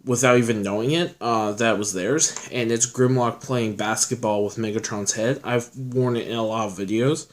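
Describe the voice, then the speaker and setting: A man's voice: medium pitch, steady tone, normal speed, hardly any pauses. A young man chatting casually in a vlog, telling rambling stories full of fillers. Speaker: vlogger. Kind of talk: casual chat showing his collection.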